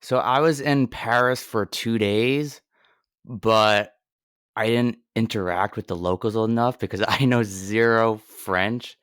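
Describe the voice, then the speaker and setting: A male podcast co-host talks in casual, hesitant chat. His voice is low, smooth and clean. It is recorded dry and close. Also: steady tone, slow pace, a bit bright, dry recording. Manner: hesitant, laughing easily.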